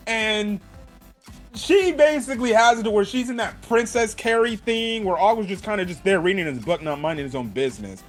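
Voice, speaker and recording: A man reviewing an anime in a casual, emphatic, profane way. His voice runs high and swoops through a lively range. Faint music sits behind him. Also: normal speed.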